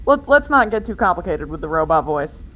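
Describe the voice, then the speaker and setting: A woman's voice: on the low side, sing-song, fairly quick, fairly bright tone, low-quality recording. A woman playing a tabletop game in casual chat, steering what the group does next. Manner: casual, leading the group's actions. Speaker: player.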